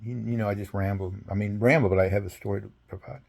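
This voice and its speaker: A man's voice: fairly low pitch, fast, creaky. An older man, an interview guest, telling a rambling story with frequent laughs and acted-out dialogue. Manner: animated, laughs often, acts out both sides of dialogue.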